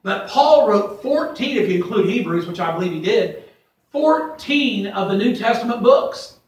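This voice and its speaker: A man with a fairly high voice leads a casual Bible study, wandering into folksy stories before reading verses with emphasis. He is from Ohio. The room echoes heavily and he sounds distant from the mic. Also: lively intonation, moderate pace. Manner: folksy, rambling, reads scripture aloud emphatically. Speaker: Bible teacher. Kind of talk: informal Bible study teaching.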